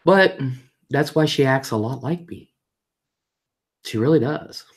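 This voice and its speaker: Speaking a little slowly with lively intonation, this livestream host has a rumbling low voice. She's a middle-aged woman who reads out viewer comments, shares family stories in a chatty, repetitive way, and imitates voices when recounting family moments.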